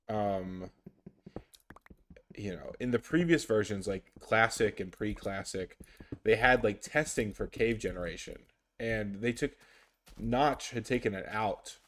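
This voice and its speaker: A man giving casual, rambling commentary over his gameplay, with lots of fillers and restarts. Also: on the low side. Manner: rambling, filler-heavy, unhurried. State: sleepy, yawning. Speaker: gaming YouTuber.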